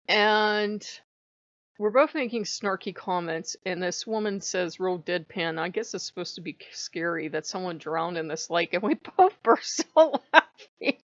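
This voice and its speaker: A woman's voice: lowish voice, dry recording, lo-fi sound. A woman talking in a casual, wry, chatty vlog monologue about her spiritual life, laughing often. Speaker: spiritual vlogger.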